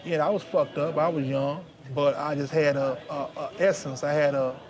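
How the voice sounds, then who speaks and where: A man's voice: on the high side, steady tone, moderate pace, a crowd in the background. A man, recalling his part in the local hip hop scene with proud, profane force. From Dallas, Texas. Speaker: hip hop artist interviewee. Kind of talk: candid documentary interview.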